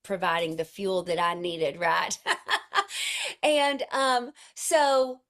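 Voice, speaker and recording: A woman's voice: lowish voice, lively intonation, takes it slowly, a bit bright. A woman telling an emotional personal story to her sales team in an earnest way. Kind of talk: personal storytelling to an online group.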